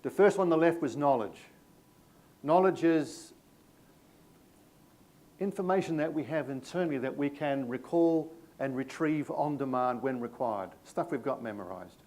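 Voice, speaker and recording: A man's voice: mid-range voice, moderate pace, a little mellow. Kiwi guy running a work training session, middle-aged, chatty and storytelling, pokes fun at himself. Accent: New Zealand. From New Zealand. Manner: conversational, anecdotal, self-deprecating humour. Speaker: workshop presenter.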